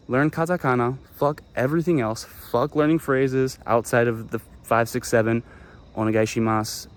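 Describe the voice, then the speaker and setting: A man's voice: mid-range voice, darkish tone. A young man giving casual travel advice straight to camera, blunt and emphatic, swearing freely and repeating his promises.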